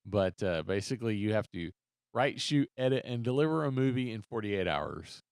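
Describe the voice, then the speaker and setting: A man's voice: fairly low pitch, animated, moderate pace, gravelly, darkish tone, clean tone, no echo, studio quality. A man co-hosting a podcast, chatty and joking, laughing often. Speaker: podcast co-host. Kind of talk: casual podcast chat.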